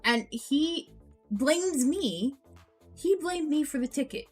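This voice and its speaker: A woman streamer reacting to posts and telling stories in an animated, profane, ranting way. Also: high-pitched, takes it slowly, faint music behind. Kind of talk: casual storytelling stream.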